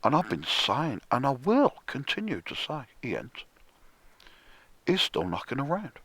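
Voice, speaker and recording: A man rants in a slow, sardonic drawl, his husky voice sitting fairly high and swinging widely in pitch. He swears freely and keeps slipping into a whisper, recorded close and dry. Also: wildly swooping pitch, a bit bright, no room sound. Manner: sardonic, profane, slow and drawn out, often dropping to a whisper. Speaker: music commentator. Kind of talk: ranting monologue.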